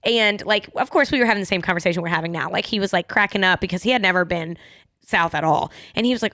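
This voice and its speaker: A woman's voice: medium pitch, fast talker, a bit bright, no echo, clean studio sound. A young woman with a Southern US accent, chatting casually as a podcast co-host and filling her talk with "like.". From Mississippi. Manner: chatty, lots of "like" fillers. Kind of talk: casual chat.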